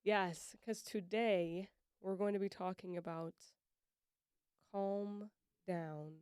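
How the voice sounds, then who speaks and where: A woman's voice: medium pitch, fairly even intonation, takes it slowly, a little mellow, clean tone, dry recording, studio quality. A woman co-hosting a casual faith podcast, thinking aloud, trailing off and laughing often. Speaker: podcast co-host.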